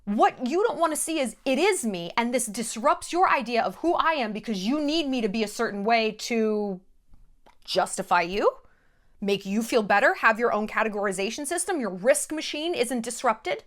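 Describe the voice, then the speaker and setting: Talking directly to the camera, a female vlogger delivers a monologue in a slightly high voice with lively intonation at a moderate pace. She's blunt and forceful, curses without restraint, and keeps repeating short phrases to push her points.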